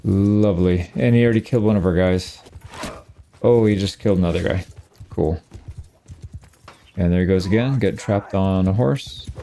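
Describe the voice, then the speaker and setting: A man's voice: low voice, normal speed, long pauses, slight background noise. A man giving casual, wry running commentary while he plays a strategy game. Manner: relaxed, wry running commentary on his own play. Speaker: gameplay commentator. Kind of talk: casual let's-play commentary.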